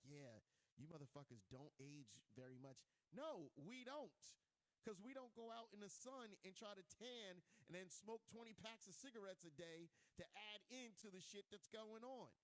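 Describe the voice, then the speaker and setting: A man's voice: high voice, brisk, fairly bright tone. A man hosting a live talk show, joking brashly and swearing freely as he chats with his guest. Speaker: host.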